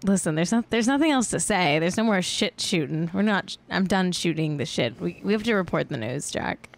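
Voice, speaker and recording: A woman's voice: lowish voice, animated, moderate pace, vocal fry. A woman in her thirties from California hosting a casual celebrity gossip chat, joking and laughing often. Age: 30s. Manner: chatty, jokey, laughs often. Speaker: podcast host.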